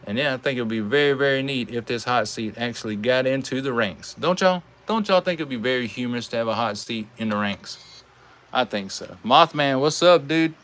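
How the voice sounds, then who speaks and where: A man with a Southern American accent hosts a live stream and calls toy car races in a folksy, animated way, chatting with his viewers. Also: medium pitch, fairly quick. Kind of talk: live race commentary.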